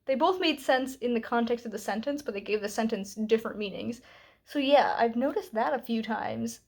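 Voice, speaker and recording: A young woman with a slightly high voice, chatting casually into the camera about a book. She speaks candidly and loosely, with plenty of "like" and "um" and the odd aside. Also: darkish tone. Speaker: book vlogger. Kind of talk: casual book review vlog.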